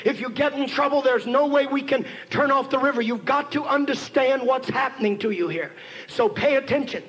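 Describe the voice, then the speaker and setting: A man preaching a sermon, telling a story and building to shouted emphasis as he calls on the congregation. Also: extremely high pitch, moderate pace, rough recording. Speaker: pastor. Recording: 1990s church sermon tape with faint hiss.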